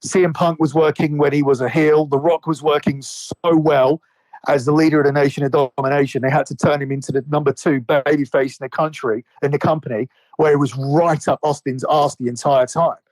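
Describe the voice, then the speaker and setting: A man's voice: on the high side, fairly even intonation, brisk, darkish tone, dry recording, rough recording. Profane, rambling man. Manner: rambling, heavy swearing, many restarts. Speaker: podcast co-host. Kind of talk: casual wrestling chat.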